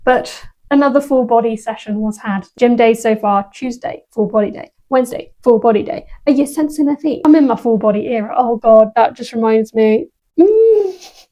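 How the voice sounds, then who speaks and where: A woman's voice: a little high, expressive, normal speed, warm tone. A young woman talking through her week in a casual, self-deprecating fitness vlog on a clip-on mic. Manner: chatty, self-deprecating, laughs at herself. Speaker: fitness vlogger. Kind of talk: casual vlog chat to camera. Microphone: clip-on lapel mic held in hand.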